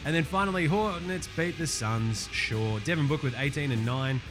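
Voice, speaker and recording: A man hosting a casual sports recap, brash and profane with quick wisecracks. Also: fairly high pitch, music in the background. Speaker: podcast host.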